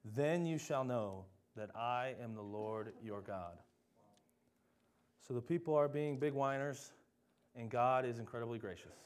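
A man's voice: mid-range voice, lively intonation, unhurried. Casual young male preacher. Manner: conversational, self-deprecating, mocks complainers with dramatic voices. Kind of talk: sermon.

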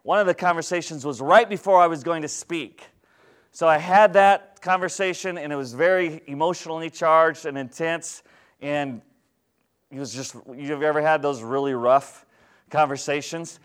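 Speaking at a normal speed, this pastor has a clean, fairly high-pitched voice. His sermon is candid and story-driven, addressed to the congregation in a conversational way that leans on frequent rhetorical questions.

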